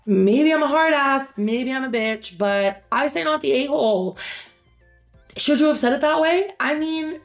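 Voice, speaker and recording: Gravelly-voiced woman reading reddit posts and ranting, blunt, swears a lot, bit high. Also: measured pace, faint music behind. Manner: blunt, opinionated, swears freely. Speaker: reaction video host. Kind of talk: reading and commenting on online posts.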